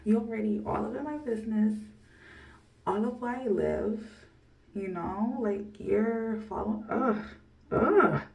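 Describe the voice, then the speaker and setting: A slightly distant, darkish voice on the high side with vocal fry comes from a woman in her early twenties, speaking a little slowly. In her candid to-camera storytelling she rambles, stays blunt, curses without a second thought, and laughs often.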